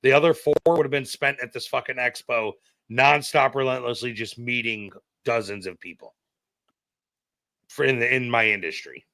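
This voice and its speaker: A man co-hosting a casual podcast, griping bluntly and swearing as he talks. His voice sits at an ordinary middle pitch, and the sound is dry and close to the mic. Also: moderate pace, gravelly, pushed and bright, dry recording. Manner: blunt, profane, wry. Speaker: podcast co-host. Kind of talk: casual chat. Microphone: streaming podcast mic.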